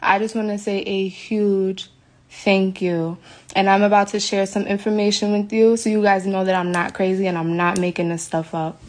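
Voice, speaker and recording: An upset woman from the United States speaks straight into a phone camera in a hotel room, shaken and venting to her viewers. She is emphatic, often repeats her words and pleads with her audience. Her pitch sits mid-range for a woman. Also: little pitch movement, moderate pace. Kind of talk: emotional live video to followers.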